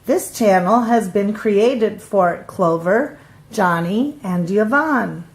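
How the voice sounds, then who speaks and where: An older woman, a grandmother, reading a storybook aloud to her grandchildren in an unhurried way. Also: medium pitch.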